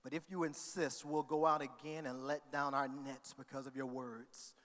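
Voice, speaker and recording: A male pastor, preaching a sermon that goes from quiet reading to shouting. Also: medium pitch, level tone, moderate pace. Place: church hall. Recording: long reverb of a church hall.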